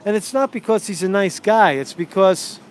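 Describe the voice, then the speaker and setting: A man's voice: sits high, expressive, normal speed, smooth. A man giving casual political commentary on a live stream while walking outdoors on a city street, ranting and profane, rambling through many restarts and a little winded. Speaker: political vlogger.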